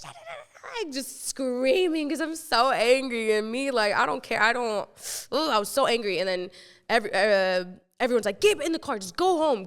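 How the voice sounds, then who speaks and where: Animated young woman with a resonant voice. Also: mid-range voice, smooth, in a large hall. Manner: animated, swears freely, acts out her own quotes. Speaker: podcast host. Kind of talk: casual storytelling.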